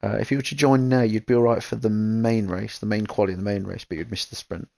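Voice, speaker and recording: A man's voice: fairly low pitch, fairly even intonation, quick pace, vocal fry, dark tone, dry recording. A man giving easygoing, rambling commentary on an online racing league, reading out chat messages as he goes. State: recovering from a kidney infection. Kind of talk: casual race commentary.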